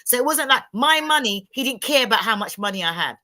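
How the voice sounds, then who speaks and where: Blunt, bright-voiced woman. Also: fairly high pitch, expressive, fast talker. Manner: blunt, emphatic storytelling. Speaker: panel guest. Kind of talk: candid livestream chat.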